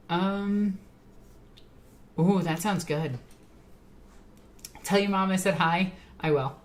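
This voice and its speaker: A woman's voice: lowish voice, a little hiss or hum. A tipsy woman streamer chatting casually with her live chat, rambling and laughing often.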